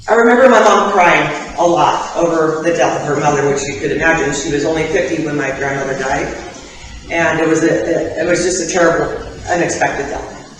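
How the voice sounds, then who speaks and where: A woman's voice: lowish voice, a bit bright. A woman sharing her personal faith testimony with a church congregation, candid and conversational, with ums and laughing asides. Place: church sanctuary. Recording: echoey hall, voice from far off the mic.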